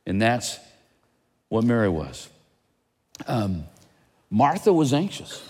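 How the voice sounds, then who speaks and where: A male pastor preaching a sermon in an animated way, asking his listeners question after question. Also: medium pitch, slow, pauses often, breathy edge, long reverb tail.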